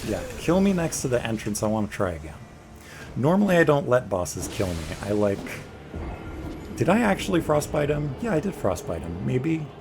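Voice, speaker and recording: A man's voice: mid-range voice, big pitch swings, moderate pace. A man giving casual, jokey let's play commentary, talking to the boss as he fights it. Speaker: gaming video creator. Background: game music.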